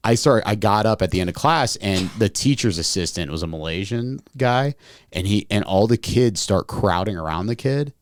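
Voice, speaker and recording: Deep-voiced rambling man, swearing. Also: lively intonation, normal speed, dry recording. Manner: rambling storyteller, swears freely, many restarts. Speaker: podcast co-host. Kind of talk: casual chat.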